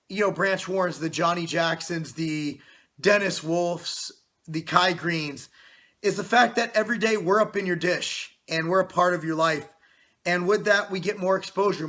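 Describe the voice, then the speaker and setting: A man in his forties vlogging from his home basement, loud and passionate, a bit out of breath with a stuffy nose, full of "you know" fillers. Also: high-pitched. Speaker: fitness channel host. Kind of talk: casual vlog talk to camera.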